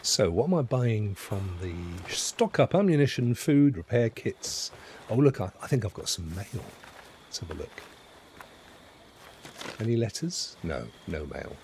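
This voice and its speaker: A middle-aged streamer talks through his gameplay in a low-ish, sing-song voice that's a little slow and somewhat mellow. Over slight background noise, he chats, rambles, and self-corrects in a casual way.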